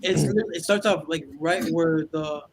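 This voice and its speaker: High-voiced chatty man. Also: a little slow, slight background noise. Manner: eager, rambling, laughs often. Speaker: podcast co-host. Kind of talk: casual movie review chat.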